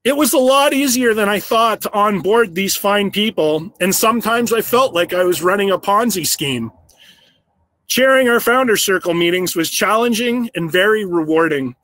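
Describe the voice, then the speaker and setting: High-voiced man giving a speech. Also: fairly bright tone, dry recording. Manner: earnest, storytelling, with slow emphatic phrases. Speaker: business owner giving an awards speech. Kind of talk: prepared speech.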